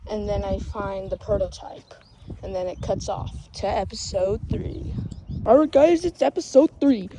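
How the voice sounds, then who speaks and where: Slow rambling woman. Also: medium pitch, noisy background. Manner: rambling, many restarts, acts out quotes. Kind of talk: casual plot retelling.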